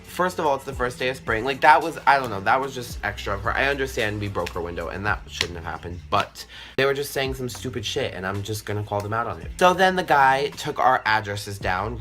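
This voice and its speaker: A young man tells a story straight to the camera, chatty and animated, with a lot of swearing and filler words. His voice is bright and forceful. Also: lowish voice. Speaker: vlogger. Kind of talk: storytime vlog.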